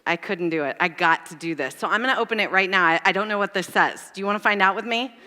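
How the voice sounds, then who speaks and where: A woman speaker at a church, telling funny stories from her own life in an animated, self-deprecating way during a sermon. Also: medium pitch, fast, long reverb tail. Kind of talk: storytelling sermon.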